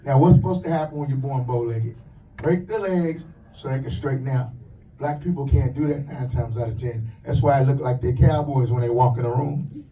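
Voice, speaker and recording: A man doing a stand-up comedy set in a club, telling crude, punchy stories with quick asides. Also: medium pitch, distant mic, dull audio, slight background noise. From lives in the USA.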